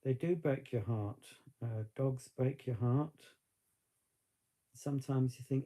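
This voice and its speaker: In a casual live-stream chat, a male vlogger rambles reflectively with lots of fillers and is tearful at times. His mid-range voice has a dark tone, and he takes things slowly.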